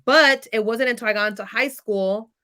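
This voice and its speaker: A woman in her thirties from California speaks as a podcast guest. Her voice is bright and clear, and she tells her story in a casual, animated way. She often acts out the lines of the people she quotes. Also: a little high, moderate pace.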